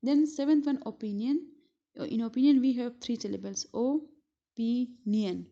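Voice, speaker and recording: A woman teacher from Pakistan giving a school lesson, speaking slowly and repeating words syllable by syllable. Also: on the high side, vocal fry, dark tone. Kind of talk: recorded classroom lesson. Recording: dull lo-fi recording.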